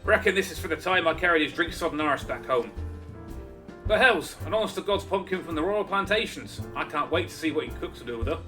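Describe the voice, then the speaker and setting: A man putting on a gruff tavern keeper, mock brogue. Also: fairly high pitch, a little fast, pushed and bright, faint music behind. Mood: hearty. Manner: attempted Irish brogue, calls the listener laddie. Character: gruff male tavern keeper, hearty and blunt. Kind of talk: reading game dialogue aloud in voices.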